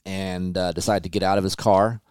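A man with a low, smooth voice tells a story in an easygoing, profane way. The sound is close and dry, with no room around it. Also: flat delivery, brisk, darkish tone, no echo. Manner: laid-back storytelling with frequent swearing. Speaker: podcast host. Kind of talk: casual chat.

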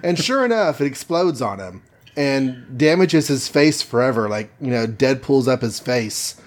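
A man in a relaxed podcast chat, retelling a comic-book plot with a jokey, rambling manner. His speech is loose and peppered with fillers, and his voice sits at an ordinary middle pitch. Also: a little slow. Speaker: podcast co-host. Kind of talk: casual comic-book recap.

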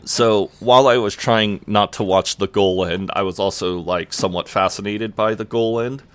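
Deep-voiced laid-back guy. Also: fairly even intonation, normal speed, a bit bright, clear, resonant tone, no room sound. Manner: laid-back, swears often, lots of "like" fillers. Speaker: podcast co-host. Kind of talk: casual chat, storytelling.

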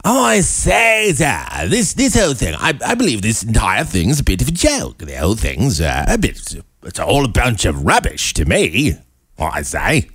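A man's voice: mid-range voice, wildly swooping pitch, moderate pace, a bit bright, breathy edge, no echo, full character voice. A man putting on a stuffy, mocking fake British accent as a pompous upper-class Englishman.

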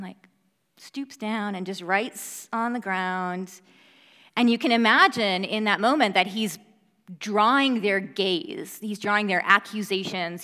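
Young female Bible teacher, mid-pitched, earnest and conversational, recorded in a long-echo hall. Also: a bit bright. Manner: earnest, conversational, many fillers. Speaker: preacher. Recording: reverberant hall.

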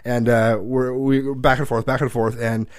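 A man in his thirties tells family stories in a relaxed chat. He swears freely and jumps into the voices of the people he quotes. The sound is close and dry, with no room around it. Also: medium pitch, moderate pace, dry recording. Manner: profane, animated storyteller who acts out quotes. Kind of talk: casual storytelling chat.

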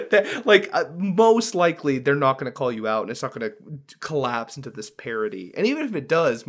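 Male podcast co-host, mid-range voice, loose rambling delivery full of fillers. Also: mid-range voice. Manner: rambling, filler-heavy, laughs while talking. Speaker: podcast co-host and dungeon master. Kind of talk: casual podcast chat.

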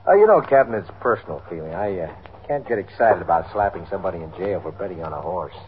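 A man's voice: sits low, expressive, fast, a little hiss or hum. A man playing an earnest, plain-spoken police lieutenant in a 1950s radio drama, sounding a little weary. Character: frank, unhappy male police lieutenant. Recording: tinny old radio broadcast.

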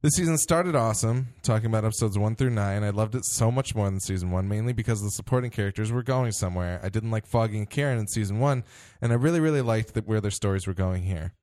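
Lower-voiced man hosting a podcast. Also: quick pace, few pauses, a little mellow, dry recording, clean studio sound. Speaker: podcast host. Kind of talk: casual podcast chat, reading listener mail.

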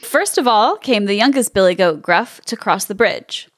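A woman's voice: mid-range voice, expressive, normal speed, fairly bright tone. A woman co-hosting a podcast, reading a fairy tale aloud and breaking off with playful, laughing comments. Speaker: podcast co-host.

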